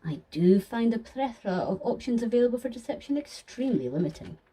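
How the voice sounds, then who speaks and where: A woman's voice: a little high, sing-song, mellow, slight background noise, pitched above the performer's own voice. A woman voicing a sly, polished male deceiver who talks formally with dry sarcasm in a fan audio sketch. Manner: formal, measured, dryly sarcastic.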